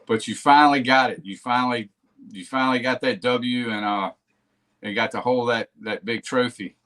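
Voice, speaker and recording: A man's voice: medium pitch, steady tone, normal speed, fairly bright tone. Chatty male live-stream host. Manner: chatty, repeats words as he talks. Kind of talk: casual live-stream interview.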